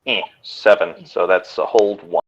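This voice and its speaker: Man, very deep voice, dry laid-back player, dull lo-fi mic. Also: a little slow. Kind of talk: casual tabletop game chat.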